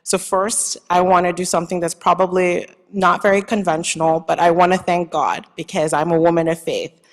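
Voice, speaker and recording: Woman, Nigerian accent, acceptance speech, heartfelt, slightly low voice, long hall reverb. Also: fairly even intonation, moderate pace. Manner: heartfelt, faith-filled, self-deprecating humor. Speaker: award honoree.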